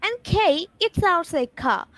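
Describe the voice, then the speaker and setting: A woman appearing as a guest on a live online show, explaining English pronunciation in a lively, emphatic way over a video call. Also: very high-pitched, takes it slowly, no echo, poor audio.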